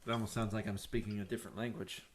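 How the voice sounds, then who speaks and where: Guy cohost, lowish voice, goofy, bit of faint hiss behind. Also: little pitch movement, very fast. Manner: short backchannels, playful. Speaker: podcast co-host. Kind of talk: casual chat.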